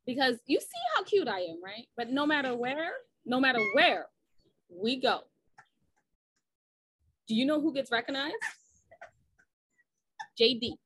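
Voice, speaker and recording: Woman, podcast guest, playful teasing, bright tone, very dry close sound. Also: high-pitched, big pitch swings, unhurried, long pauses, husky, no room sound. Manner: playful teasing, throwing mock shade. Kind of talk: casual chat.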